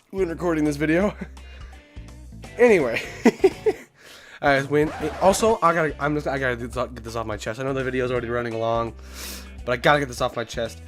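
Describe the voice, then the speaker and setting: A young man hosting a casual video, rambling and laughing as he talks, often repeating himself. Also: medium pitch. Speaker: YouTube host. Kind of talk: casual ranking commentary.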